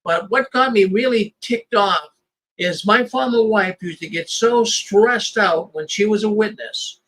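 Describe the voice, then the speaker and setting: A man's voice: sits high, unhurried, a bit bright, a little hiss or hum, rough recording. A man, the host, talking in a casual conversation, emphatic and often repeating his first words.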